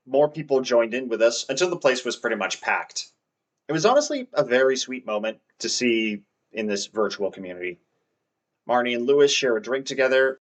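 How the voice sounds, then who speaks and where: A man's voice: medium pitch, fairly bright tone. A man narrating his farming game playthrough in a wry, self-deprecating scripted style. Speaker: gameplay narrator.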